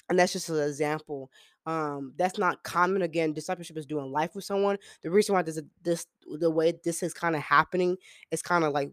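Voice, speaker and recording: A young man with a fairly high voice tells a story on a casual podcast, acting out each line of dialogue as he goes. He stresses his points by saying them over again. The sound is close and dry, with no room echo. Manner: emphatic, repeats key phrases for stress; acts out quoted dialogue in storytelling. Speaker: podcast host and missionary student.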